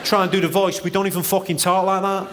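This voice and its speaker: A man's voice: sits high, little pitch movement, quick pace, heavy background noise, close to an everyday voice. A man voicing an aggressive northern English man with a northern English accent, blunt and sweary.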